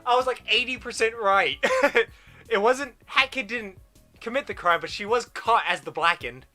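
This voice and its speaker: A man giving excited gameplay commentary, reading the game's dialogue aloud and reacting with gushing, animated guesses about the story. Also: sits high, moderate pace, faint music behind. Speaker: let's play gamer.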